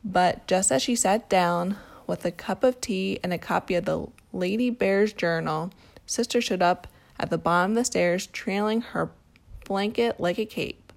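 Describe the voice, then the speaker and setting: A woman reading a picture book aloud to a child, telling the story in a calm, steady way. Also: mid-range voice, unhurried, creaky. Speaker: storybook reader.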